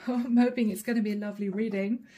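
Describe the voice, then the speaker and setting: A woman's voice: medium pitch, steady tone, fairly quick, mellow. A woman giving a casual, emotional tarot reading, telling a vision as a story and speaking to her viewers in an intimate way. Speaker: tarot reader.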